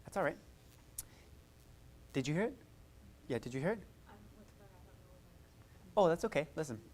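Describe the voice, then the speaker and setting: A music therapist runs a live group workshop, talking people through vocal exercises. The voice swoops up and down expressively, encouraging and chatty, full of quick asides to the room. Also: medium pitch, very animated, a little mellow, a little hiss or hum.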